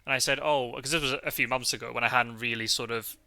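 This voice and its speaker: Scottish male podcast host, chatty and rambling, gravelly and sharp in tone. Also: mid-range voice, fairly even intonation, fast. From Scotland. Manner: chatty, rambling with many fillers and self-corrections. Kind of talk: casual chat.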